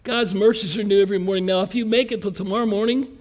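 Pastor, man, high voice, folksy earnest sermon, slows for emphasis. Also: fairly even intonation. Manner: folksy, earnest preaching with quick asides and slow emphatic stresses.

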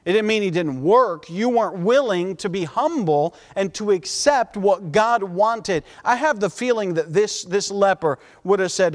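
A man preaching a sermon as pastor, fervent and pleading, at times dropping his voice to a soft, intense hush. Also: high voice, animated, a little slow, few pauses, long reverb tail.

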